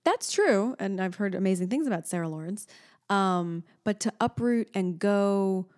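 A woman's voice: mid-range voice, moderate pace. Chatty woman telling family stories. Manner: animated storyteller, acts out her daughter's voice. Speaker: podcast co-host. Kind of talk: casual chat.

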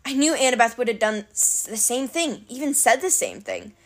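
A woman narrating an adventure story in an expressive, dramatic reading. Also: a little high, normal speed. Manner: animated, dramatic. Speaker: audiobook narrator.

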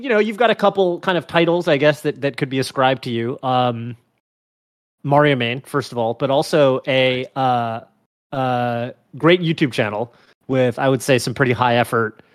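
Guy cohosting a podcast, casual and rambly, lots of ums and restarts, mid pitched. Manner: rambling, full of fillers and restarts. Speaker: podcast co-host. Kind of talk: casual chat.

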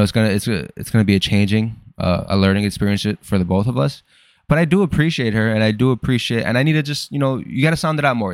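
A man's voice: mid-range voice, no room sound, clean studio sound. A young man hosting a podcast, rambling through a casual, profane and self-deprecating personal monologue. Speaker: podcast host.

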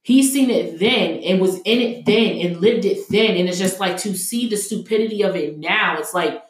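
A woman's voice: medium pitch, normal speed, few pauses, slight background noise. A young adult woman co-hosting a casual podcast, talking emphatically and heatedly with many fillers. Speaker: podcast co-host. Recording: echoey room.

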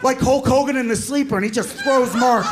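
A man doing stand-up comedy and telling a story, swinging from low asides to loud bursts. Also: fairly quick, very noisy.

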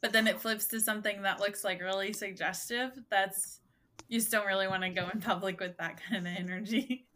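A woman with a bright, clear voice in a relaxed podcast conversation. She laughs easily and chimes in with brief replies of agreement. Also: mid-range voice, fairly quick. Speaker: podcast host. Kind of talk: casual chat.

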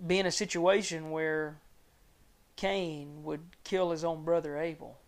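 A male preacher with a fairly high voice teaches from scripture in an earnest, measured sermon. He lets his voice drop soft and low when he reaches a grave point. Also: flat delivery.

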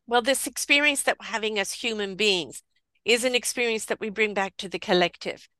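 A woman's voice: medium pitch, a little fast, bright, forceful tone, no echo. A woman hosting a casual spiritual conversation over a video call, speaking earnestly and emphatically, often repeating her phrases. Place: home, remote from guest.

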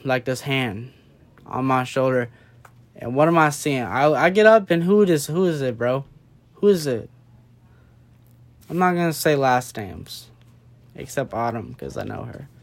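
Young man, drunk, rambling, casual chat, mid-pitched voice. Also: expressive, a little slow, long pauses. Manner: rambling, loose and off-track. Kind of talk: casual late-night chat.

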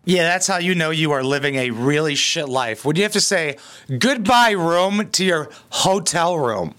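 Bright, crude-talking male reaction host. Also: fairly high pitch, expressive, a little fast. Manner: crude, mocking, sarcastic. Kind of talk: comedic reaction commentary.

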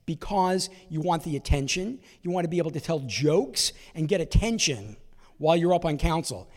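Man doing a shrill, exasperated scolding wife. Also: expressive, moderate pace, darkish tone, big-room sound, lightly acted. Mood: accusing.

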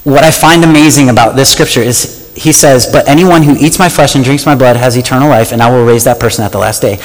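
A man preaching a sermon, passionate and animated, often asking his listeners questions. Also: medium pitch, quick pace, big-room sound, low-quality recording.

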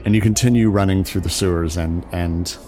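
A man narrating a tabletop game as game master, talking in a halting way full of fillers and restarts. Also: low-pitched, fairly even intonation, warm tone, a little hiss or hum. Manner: halting, filler-heavy storytelling.

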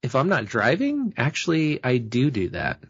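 A man co-hosting a podcast, telling stories in casual chat with animated delivery. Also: medium pitch, normal speed, breathy edge, highs cut off. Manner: animated storytelling, laughs often. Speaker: podcast co-host.

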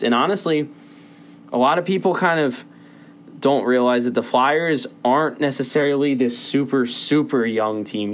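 Rambling young male podcast host. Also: medium pitch. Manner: rambling, heavy fillers, quick bursts. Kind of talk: casual sports podcast chat.

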